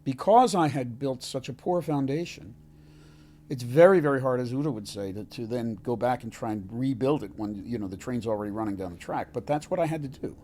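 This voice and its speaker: A man, an actor being interviewed, telling a heartfelt story in an earnest, halting way with many restarts. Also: medium pitch, dark tone. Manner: halting, frequent restarts and self-corrections. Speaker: actor, podcast guest.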